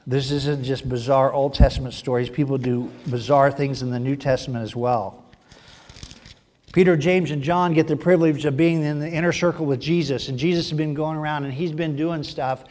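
A high-pitched man delivers an animated sermon in a church sanctuary, his voice carrying a long hall reverb. He swings between loud bursts and hushed asides, acting out the voices he quotes. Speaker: pastor.

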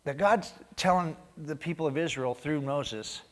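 A man preaching a sermon as pastor, animated, acting out quoted voices and dropping to a near-whisper for emphasis. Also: on the high side, unhurried. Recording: long hall reverb.

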